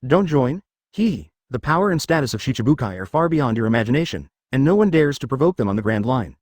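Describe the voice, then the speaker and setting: A man's voice: medium pitch, big pitch swings, fast talker, a little mellow, no room sound. A smug, cornered crime boss read by a man in a plain, level tone. The delivery still rises and falls a lot from line to line. The sound is close and dry.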